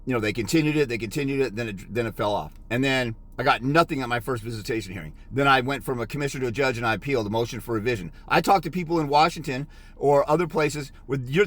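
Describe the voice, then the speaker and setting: A man's voice: on the high side, fairly bright tone. A middle-aged man giving a blunt, scolding motivational rant as a fathers' rights consultant, lecturing harshly.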